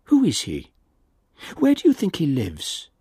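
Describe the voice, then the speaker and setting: A man voicing an earnest, kindly male head of state in a story reading, a touch higher than his narration. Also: huge pitch swings, a little slow, mellow, slightly rough, dry recording, clean studio sound, exaggerated voice.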